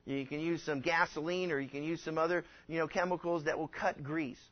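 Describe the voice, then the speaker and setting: A man with a fairly high voice preaches in a loose, folksy way, wandering through homely examples and slipping into the voices of the people he quotes. The recording is dull and lo-fi, with the top end muffled. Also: fairly even intonation, a little fast. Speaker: pastor. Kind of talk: conversational sermon.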